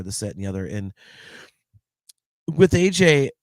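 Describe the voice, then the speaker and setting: Emotional, halting man with a dry voice. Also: mid-range voice, sing-song, a little mellow, no echo. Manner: emotional, halting, repeats words, swears casually. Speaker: podcast host. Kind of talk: heartfelt birthday tribute.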